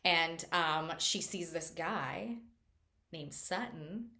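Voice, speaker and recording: A woman in relaxed conversation recapping a novel's plot for her viewers. She talks loosely, full of fillers, and drops wry, joking asides along the way. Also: low-pitched, drawn-out words. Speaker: book reviewer host. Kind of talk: casual book-recap chat.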